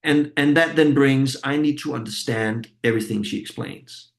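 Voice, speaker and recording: Gravelly-voiced man teaching a training group. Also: medium pitch, moderate pace. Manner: reflective, repeats words as he thinks aloud. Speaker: facilitator and course trainer.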